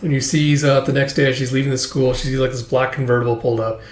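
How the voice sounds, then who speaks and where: A man casually reading through a comic chapter and rambling with plenty of fillers. His voice sits at a middle pitch, and the room around him is echoey. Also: fairly even intonation, quick pace. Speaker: host. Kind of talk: casual chapter read-along.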